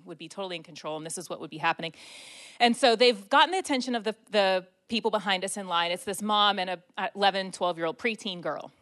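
Woman, 30s, animated self-deprecating storyteller, conversational delivery. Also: mid-range voice. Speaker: speaker sharing a personal story. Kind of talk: storytelling talk.

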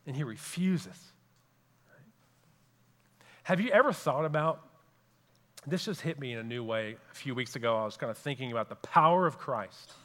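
A man's voice: fairly high pitch, expressive, moderate pace, pauses often, fairly bright tone, in a large hall. A man preaching a sermon as pastor, earnest and repeating key phrases for emphasis.

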